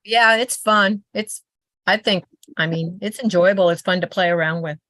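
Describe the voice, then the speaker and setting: A woman's voice: on the low side, moderate pace, a bit bright, no room sound. A woman quilter in casual video-call chat, often restarting as she hunts for names. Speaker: quilter in an online group chat.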